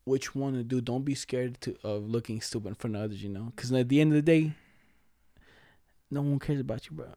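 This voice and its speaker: Laid-back young man with a mellow voice. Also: medium pitch, brisk, dry recording, clean studio sound. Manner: laid-back slangy storytelling, frequent laughs. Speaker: podcast co-host. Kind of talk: casual chat.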